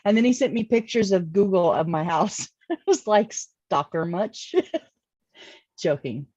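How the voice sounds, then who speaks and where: A woman's voice: medium pitch, normal speed, no echo, dull audio. A woman co-hosting a casual chat, telling stories with frequent laughter. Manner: laughing, animated storytelling.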